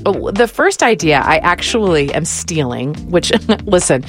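Chatty low-voiced woman podcast host. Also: sing-song, normal speed, soft background music. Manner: chatty, laughs often, acts out quoted voices. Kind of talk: casual chat.

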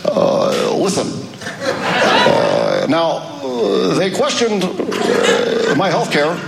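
Comic playing a measured middle-aged president, halting pauses; roomy live room, heavy noise. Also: male voice, sits high, huge pitch swings, creaky, pitched above the performer's own voice, full character voice. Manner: slow, halting, full of drawn-out pauses and uhs. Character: impression of a calm middle-aged male president giving a halting speech. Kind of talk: stand-up impression. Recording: echoey live club with loud room noise.

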